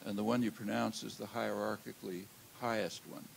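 Older male lecturer, low creaky voice, halting delivery, faint hiss. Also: steady tone, low-quality recording. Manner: measured, halting, many "uh" fillers. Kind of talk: academic lecture. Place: lecture hall. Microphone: handheld or lectern mic.

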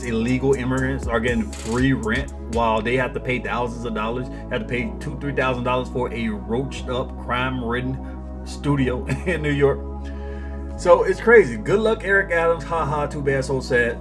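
Sarcastic man giving news commentary. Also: mid-range voice. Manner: sarcastic, mocking, chuckles often. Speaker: political commentary vlogger.

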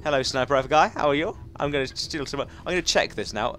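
A man giving chatty, excitable let's play commentary, talking to himself as he plays. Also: a little high, quick pace, faint music behind. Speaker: gaming commentator.

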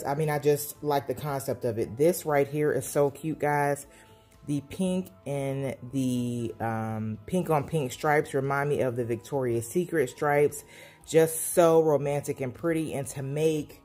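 A low-pitched, dark-toned woman gushes enthusiastically about a sticker book, repeating her compliments. She's a planner vlogger filming a casual review at home for her channel.

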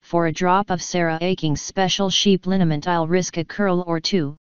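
A woman voicing an ancient fairy clan mother, slow and commanding. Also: on the low side, fairly even intonation, clear, resonant tone, no echo, highs cut off, lightly acted. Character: ancient tiny Scottish-voiced fairy clan mother, stern.

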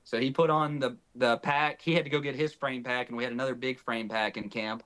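A man's voice: mid-range voice, a little fast. Man telling a hunting story. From north Texas. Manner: animated, acts out quoted dialogue. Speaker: podcast guest, hunter. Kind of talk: casual storytelling.

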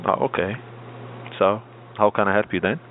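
A man's voice: on the low side, steady tone, moderate pace. A man working as a hotel receptionist, polite and patient on the phone. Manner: polite, patient, many "mm-hmm"s. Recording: tinny phone line with faint noise.

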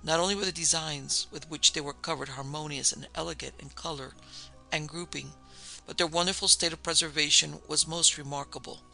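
Male narrator, ghost story, measured reading, sharp bright tone, faint background music. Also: fairly high pitch, gravelly, poor audio. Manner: measured, even storytelling delivery. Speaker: narrator and producer.

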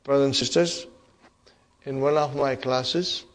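A man's voice: mid-range voice, fairly even intonation, unhurried. A man teaching an Arabic grammar lesson to a class, often checking in with "huh?" and "are you with me?".

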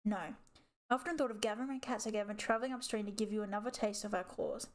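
A woman's voice: steady tone, fast talker, lightly acted. A woman voicing a huge scarred male tabby cat who leads rogues, speaking in a smug, mockingly polite purr. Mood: menacing. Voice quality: low raspy purr.

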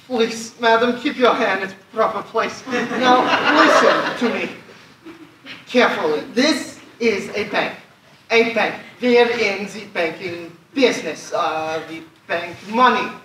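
A teenage actor playing a harried, pompous male bank official in a high school stage play, exasperated and getting frantic. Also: slow, bright, forceful tone. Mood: weary. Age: teens. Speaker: student actor. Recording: echoey hall from far off, faint hiss.

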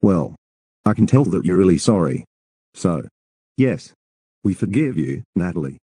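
A performer voicing a calm, soothing cartoon father with a very deep voice. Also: unhurried, husky, dry recording, exaggerated voice.

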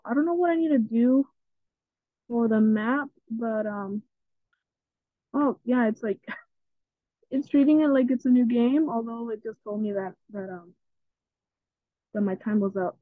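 A woman's voice: fairly high pitch, no room sound. A woman chatting casually through her gameplay as a channel host, easily spooked and often repeating herself. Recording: tinny phone-like sound.

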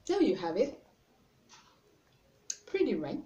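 A young woman with a Nigerian accent chatting through a makeup tutorial at home, self-conscious and often trailing off softly. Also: a little high, sing-song, takes it slowly, dull audio. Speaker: beauty vlogger. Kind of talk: casual makeup tutorial chat. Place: room at home. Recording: roomy with faint background noise.

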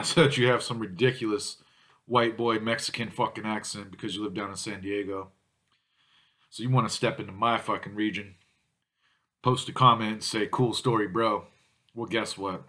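A man with a lowish, fairly bright voice keeps a steady tone at normal speed while vlogging about malt liquor. Angry and foul-mouthed, he insults his viewers, cursing nonstop throughout the rant.

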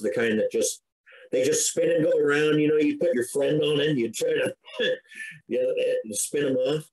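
A man's voice: on the low side, a little mellow, rough recording. A middle-aged man, a podcast guest, earnestly recounting a personal story in a conversational way, with frequent restarts and an emotional edge.

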